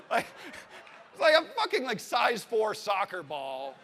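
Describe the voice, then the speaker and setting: This is a man in his thirties telling a comic story at a live event, with a high voice that swings wide in pitch. He swears freely and acts out the people in it. A long reverb trails after his words, as in a big hall. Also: slow pace, slight background noise. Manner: animated, swearing, acting out voices and laughing. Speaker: storyteller on stage. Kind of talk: comic personal anecdote to a live audience.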